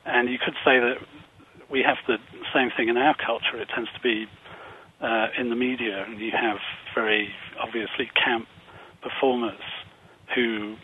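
A guest expert with a husky voice, explaining his points calmly. He comes through a narrow, tinny phone line. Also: mid-range voice, moderate pace. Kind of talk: radio interview.

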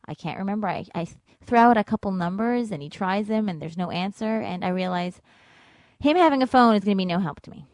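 A woman telling a personal story in vivid, dramatic fashion, dropping to a hush and rising again. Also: mid-range voice, brisk, no room sound. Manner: vivid, dramatic, ranging from hushed to loud.

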